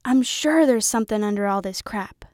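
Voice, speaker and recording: A woman voicing a gruff, restless middle-aged father who talks loudly and snarls. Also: mid-range voice, normal speed, dry recording, clean studio sound, close to an everyday voice. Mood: dismissive.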